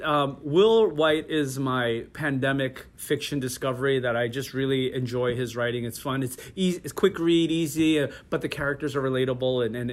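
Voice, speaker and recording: A middle-aged man in a relaxed interview, talking with many restarts and frequent laughs. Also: mid-range voice. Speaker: interview guest. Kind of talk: casual conversational interview.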